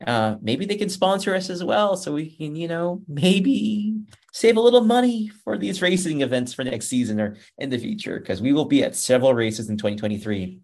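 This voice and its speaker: A man's voice: fairly high pitch, lively intonation, moderate pace, vocal fry, a little mellow. A man in his thirties hosting a racing talk podcast, upbeat and rambling, often addressing listeners as folks. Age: 30s. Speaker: podcast host. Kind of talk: casual show wrap-up chat.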